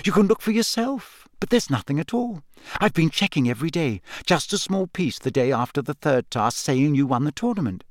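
A man voicing a brisk, clever teenage girl. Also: on the high side, sing-song, no echo, studio quality, pitched above the performer's own voice. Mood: eager. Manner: brisk, knowing. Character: clever eager teenage schoolgirl.

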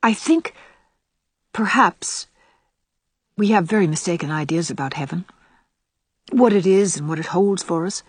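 A woman voicing a gentle, quiet young woman. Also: brisk, slightly rough, dry recording. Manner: low, quiet and hesitant.

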